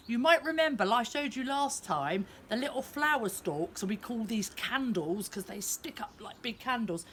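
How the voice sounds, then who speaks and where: A woman leading a lively outdoor nature lesson for young children in a small back garden, speaking straight to them in a sing-song way. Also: on the high side, a little hiss or hum. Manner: animated, sing-song, talks directly to kids.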